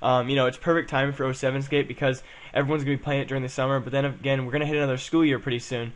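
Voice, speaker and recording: A man's voice: medium pitch, little pitch movement, racing. A young man chatting casually as he plays and comments on a game, rambling and saying "um" and "guys" a lot. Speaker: gaming channel host.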